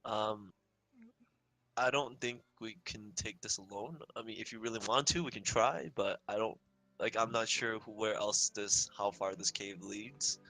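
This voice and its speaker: A man's voice: fairly low pitch, measured pace, sharp tone, poor audio. A young man playing a tabletop game with friends, talking hesitantly and stammering now and then. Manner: hesitant, stammering, laughs a lot. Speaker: player. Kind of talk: casual tabletop game play.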